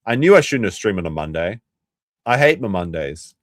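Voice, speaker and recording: A man streaming live, reacting to a video with sarcastic, animated commentary and some swearing. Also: low-pitched, normal speed, dry recording, clean studio sound.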